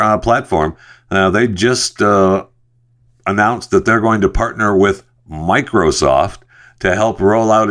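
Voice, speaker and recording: A man's voice: lowish voice, fairly bright tone. A man hosting a solo podcast, reading news stories and adding rambling, sarcastic asides with lots of fillers. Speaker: podcast host. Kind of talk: casual solo news commentary.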